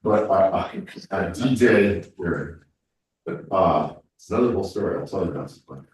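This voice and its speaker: A man's voice: low voice, animated, normal speed, a little mellow, slight background noise. A congested man leading a town board meeting, talking in a rambling way with many restarts. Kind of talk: public meeting discussion. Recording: echoey room, mic far off.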